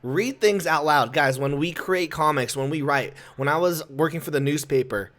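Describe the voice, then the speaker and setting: Man with a slightly high, ranting voice. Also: normal speed. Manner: exasperated, ranting, animated. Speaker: comic book reviewer. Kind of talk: casual commentary.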